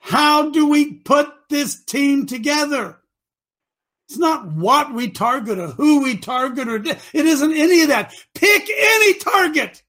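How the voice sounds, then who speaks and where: Man, very high voice, fiery preacher, stammering restarts, shouts. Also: a little slow. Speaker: group leader called Coach.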